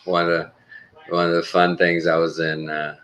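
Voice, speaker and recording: A man's voice: sits low, little pitch movement, moderate pace, a bit bright, rough recording. A middle-aged man from Texas, rambling through laid-back work stories in casual chat, swearing now and then. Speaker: traveling surgical tech.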